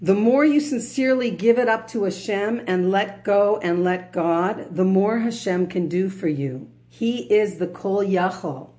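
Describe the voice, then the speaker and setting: A woman's voice: mid-range voice, a little slow, hardly any pauses, dark tone. A woman teaching a religious lecture in a conversational tone, with humorous asides and frequent check-ins with her listeners.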